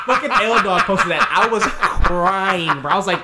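A man's voice: sits high, lively intonation, normal speed, over a noisy crowd. A man co-hosting a comedy podcast, talking in giggly slangy banter. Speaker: podcast co-host. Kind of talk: casual chat.

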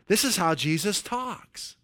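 A male pastor delivers a sermon with a fairly high-pitched voice. He speaks emphatically, drawing out quoted verses slowly for weight and checking in with the congregation with a frequent "right?". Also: lively intonation, bright, forceful tone. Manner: emphatic, slows for scripture quotes, asks "right?" often.

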